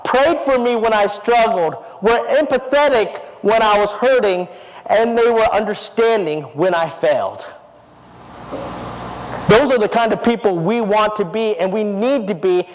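A man preaching in a church sanctuary, his voice pitched well above the usual for men. He speaks earnestly and keeps asking the congregation rhetorical questions. A long hall reverb trails behind every phrase. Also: normal speed. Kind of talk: sermon.

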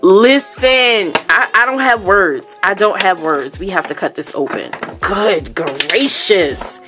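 A woman's voice: mid-range voice, slow, loud music behind the voice. A woman vlogger unboxing products, gushing and exclaiming as she chats casually to her viewers at home. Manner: gushing, exclamatory, keeps addressing viewers as y'all.

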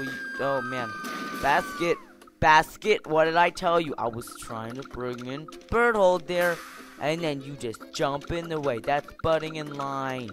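A young man doing goofy, rambling gameplay commentary, scolding game characters in mock-stern tones. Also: a little high. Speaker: gameplay video host. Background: game music.

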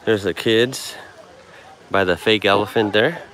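A man's voice: on the low side, a little slow, a bit bright. A man with a Chicago accent chatting easily and laughing often while live-streaming from an outdoor wildlife park on a handheld camera. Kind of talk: casual live-stream chat.

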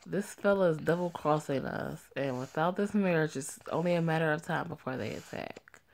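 Woman voicing a gravelly male crime boss, low and commanding, for a homemade story drama. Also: moderate pace. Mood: firm. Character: stern man, head of a gang. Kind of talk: amateur voiced story drama.

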